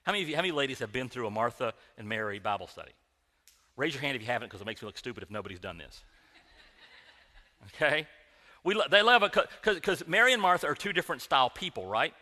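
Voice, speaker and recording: A man's voice: medium pitch, animated, quick pace, sharp tone, in a large hall. A man preaching in a conversational, joking style, speaking directly to his congregation in a church sanctuary. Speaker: pastor. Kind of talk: sermon.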